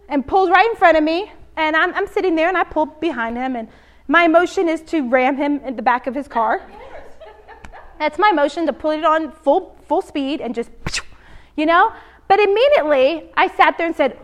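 A woman giving conversational Bible teaching, animated and expressive, speaking straight to her listeners. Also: sits high, moderate pace.

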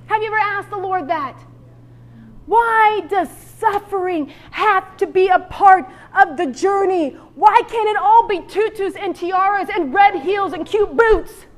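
A woman pastor delivers a lively sermon in a very high voice. She preaches with animated asides and calls out to the congregation. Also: normal speed.

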